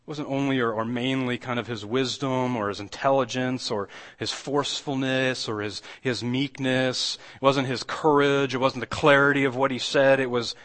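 A man's voice: mid-range voice, fairly bright tone. A man, a pastor, preaching a sermon in a conversational way, with frequent restarts and emphatic rises when he quotes scripture.

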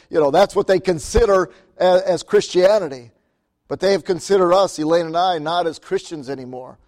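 A man's voice: on the high side, a little mellow. A man preaching as a missionary, telling stories in a sermon, laughing often and calling out for amens. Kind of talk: sermon storytelling.

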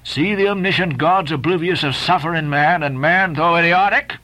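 A man's voice: fairly high pitch, moderate pace, pushed and bright. A man voicing a stern, brooding old whaling captain who speaks in grand, commanding old-fashioned lines. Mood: hushed brooding.

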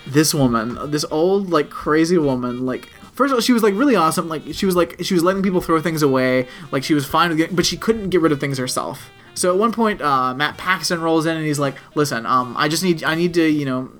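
A podcast co-host chatting casually, voice pitched in the middle range. The talk rambles on, crude and full of "like", while faint music plays behind. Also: expressive, a little fast, hardly any pauses, fairly bright tone. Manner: rambling and profane, heavy use of "like". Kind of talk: casual chat, retelling a TV episode.

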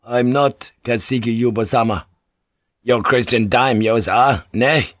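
A man's voice: mid-range voice, measured pace, a bit bright, no echo, close to an everyday voice. A man voicing a polite, formal priest and interpreter who speaks in a restrained, deferential way.

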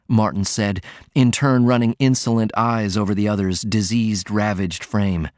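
A man narrating an audiobook in a measured, steady reading voice. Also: fairly low pitch, no room sound, studio quality.

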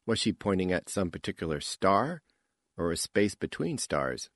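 A man narrating an audiobook in an unhurried, expressive manner. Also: low voice, dry recording. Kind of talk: scripted narration.

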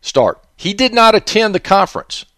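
A man's voice: sits high, very animated, moderate pace, bright, forceful tone, no echo, clean studio sound. Blunt, profane Southern man rambling. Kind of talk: rambling casual monologue.

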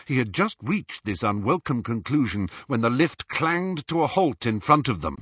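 A man reading an audiobook with lively, expressive storytelling. His voice is bright and a little husky. The recording is dry and dull, like a close studio read. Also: medium pitch, normal speed, no echo. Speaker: audiobook narrator. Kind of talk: scripted narration.

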